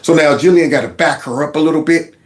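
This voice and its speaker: Man, casual commentary host, mocking tone, quick laughs, higher voice. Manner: animated, mocking, laughs often; quotes others in a mock voice.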